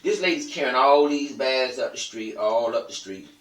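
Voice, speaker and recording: A man's voice: mid-range voice, moderate pace, a bit bright, roomy sound, distant mic, rough recording. A man telling stories and ranting to his viewers in a blunt, profane, emphatic way. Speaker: vlogger. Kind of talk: casual storytelling monologue.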